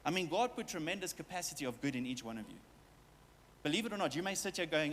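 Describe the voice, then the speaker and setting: Lively male pastor in a reverberant hall. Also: a little high, brisk, slight background noise. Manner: lively, playful asides to the congregation. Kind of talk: sermon. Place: church hall with long reverb.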